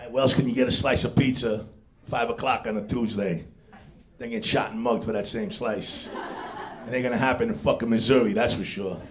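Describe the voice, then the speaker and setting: A man's voice: medium pitch, fairly even intonation, fairly quick, a crowd in the background. New York comic, male, brash and foul-mouthed, punchy club set delivery. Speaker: stand-up comedian. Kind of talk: stand-up comedy set. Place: comedy club stage, live audience.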